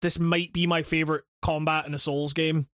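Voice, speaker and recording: High-voiced young man, dry and rambling. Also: level tone, a little fast, fairly bright tone, no room sound. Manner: rambling, profane, laughs often. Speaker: podcast co-host. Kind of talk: casual chat.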